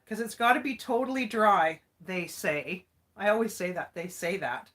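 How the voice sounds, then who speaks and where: A woman's voice: mid-range voice, expressive, moderate pace, a bit bright. A woman from Alberta hosting a casual livestream while crafting, chatty and folksy, laughing often. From Alberta, Canada. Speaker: livestream host.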